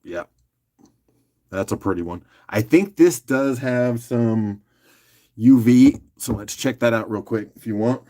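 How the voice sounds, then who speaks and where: A man hosting a casual live-stream rock auction, joking and chatting with viewers by name in a loose, unhurried way. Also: mid-range voice, mellow. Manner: loose and unhurried, with fillers and restarts while doing other tasks.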